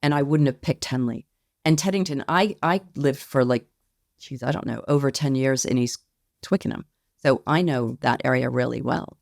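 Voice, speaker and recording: A woman being interviewed as a company founder, speaking in a reflective, measured way and often hedging her points. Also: very deep voice, vocal fry, a little mellow, no echo, clean studio sound. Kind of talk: podcast interview.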